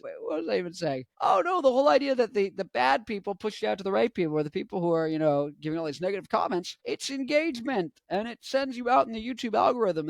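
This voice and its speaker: A man in his twenties, a rock musician vlogging, talking casually with frequent restarts and excited jumps in energy. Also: creaky, no echo. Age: 20s. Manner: chatty, animated, swings up to excited highs and back; frequent restarts and repeated phrases. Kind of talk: casual rambling monologue.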